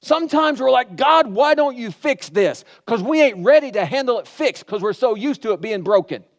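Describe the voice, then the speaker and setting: A man's voice: extremely high pitch, lively intonation, normal speed. A man preaching a sermon in a conversational way, asking the crowd questions and acting out quotes. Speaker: pastor.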